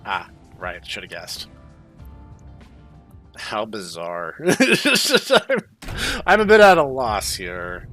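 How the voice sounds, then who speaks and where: Wry, bright-voiced man playing a game. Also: on the low side, drawn-out words, pauses often, faint music behind. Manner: wry, deadpan asides. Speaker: let's play host. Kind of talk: casual gameplay commentary.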